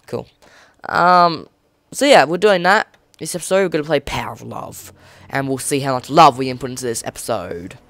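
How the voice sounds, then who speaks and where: A woman hosting a casual let's play with excitable, chatty commentary. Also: rumbling low, dry recording, clean studio sound. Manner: excitable, chatty, quick reactions. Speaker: gaming channel host. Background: faint game music.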